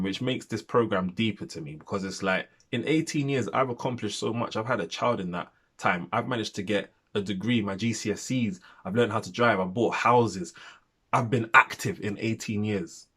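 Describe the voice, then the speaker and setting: A man's voice: on the low side, normal speed, a bit bright, breathy edge. A man in his thirties chatting casually in a video review, rambling and repeating himself for emphasis. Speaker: film reviewer.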